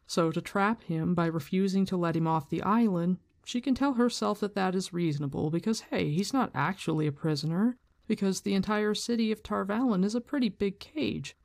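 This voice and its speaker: A candid book commentator who mixes reading aloud with casual, opinionated remarks. The voice sits at a middle pitch. The talk is loose and frank, with some swearing. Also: a little fast, gravelly, darkish tone.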